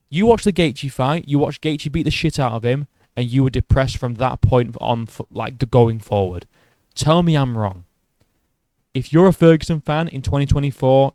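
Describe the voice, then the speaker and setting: A man's voice: medium pitch, mellow, no echo. A man hosting an MMA video who rants in a casual, profane and sarcastic way. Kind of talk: casual opinion rant.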